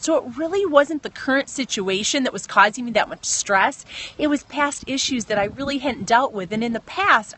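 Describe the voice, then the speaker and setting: Earnest higher-voiced woman livestreaming. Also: a bit bright. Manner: earnest, chatty, reads viewer comments aloud. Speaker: Christian livestream host. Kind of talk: casual devotional livestream talk.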